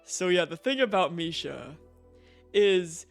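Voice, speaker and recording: High-voiced young man ranting. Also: slow, creaky, faint music behind. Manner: profane, animated ranting with frequent "right?" asides. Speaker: streamer. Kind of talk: casual storytelling on a game stream.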